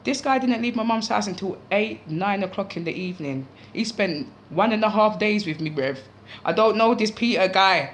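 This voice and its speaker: A young woman telling a story casually, in an animated, slangy way, swearing freely. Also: medium pitch, normal speed.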